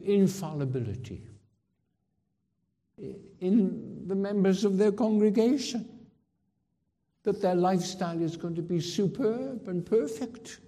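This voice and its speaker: A male preacher delivers a sermon in an unhurried, deliberate rhythm. His voice is deep-toned and mellow, and it rings out with long reverb in a large hall. He drives home his points with rhetorical questions and emphatic repetition.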